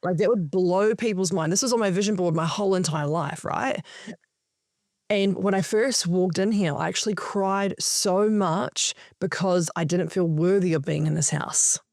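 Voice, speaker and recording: A woman's voice: fairly low pitch, moderate pace, no room sound, studio quality. A woman who coaches for a living, telling stories animatedly in a casual podcast chat and swearing often. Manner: animated storytelling, frequent swearing. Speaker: podcast guest, spiritual coach.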